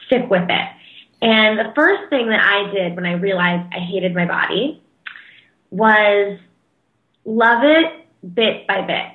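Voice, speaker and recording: A woman's voice: mid-range voice, echoey room, muffled recording. A woman interview guest speaking in a casual, earnest and heartfelt way, with frequent fillers. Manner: earnest, heartfelt, talks in quick bursts with fillers.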